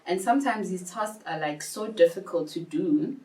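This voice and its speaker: A woman's voice: on the low side, normal speed, darkish tone. A woman in her twenties, a podcast guest, explaining things in a thoughtful, casual way. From South Africa. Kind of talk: casual chat. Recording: roomy, distant mic, faint ambience.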